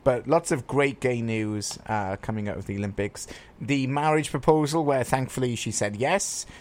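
A man's voice: mid-range voice, moderate pace, darkish tone. A man co-hosting a casual radio talk show, chatty and campy, gushing over stories and signing off the show.

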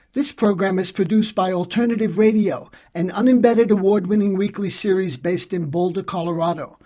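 A radio host with a notably high-pitched male voice reads a scripted announcement. His delivery is measured and even, as if from a prepared text.

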